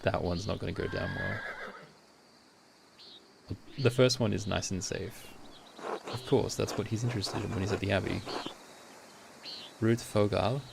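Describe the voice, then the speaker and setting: A man's voice: on the low side, steady tone, measured pace, creaky, long pauses, noisy background. A man streaming a game, chatting casually with joking asides. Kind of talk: casual live commentary.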